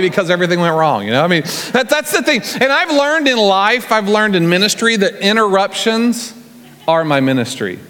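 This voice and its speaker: A man preaching as a guest, telling folksy stories in a relaxed, conversational way and acting out the scenes. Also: fairly high pitch. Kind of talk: storytelling sermon. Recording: long reverb from a large church hall.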